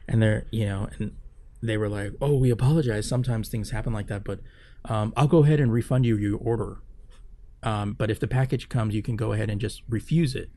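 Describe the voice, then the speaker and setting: Telling a lengthy story on a podcast he co-hosts, a man rambles casually, with plenty of fillers and curse words. He speaks briskly in a lowish, warm voice.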